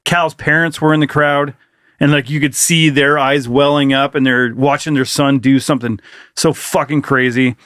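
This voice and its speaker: A man co-hosting a podcast in casual chat, telling animated stories, acting out what people said and swearing freely. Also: medium pitch, normal speed, dry recording, clean studio sound. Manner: animated storyteller, acts out quotes, swears freely. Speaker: podcast co-host.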